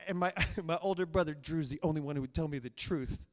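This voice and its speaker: Brief: man from Virginia, high voice, live stage storyteller, rambling and self-mocking, full of fillers. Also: fast. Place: stage of a cultural center, live audience.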